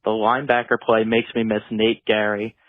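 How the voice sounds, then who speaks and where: A man's voice: on the low side, little pitch movement, normal speed, no echo. A male caller leaving a sarcastic, fed-up rant about his team on a hotline. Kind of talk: recorded hotline message. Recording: tinny phone line.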